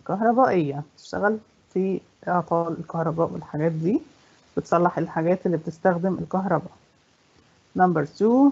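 Egyptian-accented woman teacher, quick husky delivery, native arabic speaker, dull lo-fi recording. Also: on the low side, a little mellow. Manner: explains in Arabic, slows down for the English questions. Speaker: English teacher. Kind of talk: bilingual classroom explanation.

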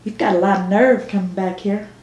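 A woman's voice: mid-range voice, fairly even intonation, a little fast, highs cut off, close to an everyday voice. A woman reading the part of a tart small-town cashier in her late thirties, teasing and scolding. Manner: teasing, then sharp and scolding. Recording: roomy echo.

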